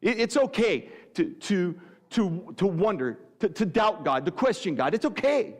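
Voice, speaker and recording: A man's voice: sits high, lively intonation, unhurried. A man preaching a sermon as pastor, telling the story animatedly and often stammering over repeated words. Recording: echoey hall.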